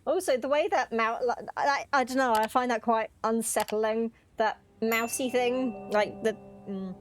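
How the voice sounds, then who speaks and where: A woman's voice: on the high side, measured pace. A young woman giving chatty, giggly commentary on a game she is playing, swearing casually. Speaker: gaming video creator. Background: game music.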